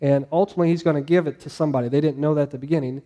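A man's voice: fairly high pitch, fairly even intonation, very fast, mellow, in a large hall. A man preaching a sermon to a congregation in a conversational way, asking them questions as he goes. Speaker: pastor.

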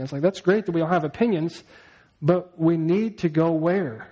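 A pastor preaches a sermon in a voice a little higher than most men's, at a moderate pace with a darkish tone. He speaks conversationally to the congregation and keeps checking in with questions. The recording is muffled.

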